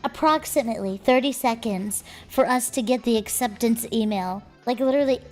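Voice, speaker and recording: A young woman with a high voice tells a story on her stream, easygoing and exasperated, with plenty of swearing. Faint music plays under her. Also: brisk.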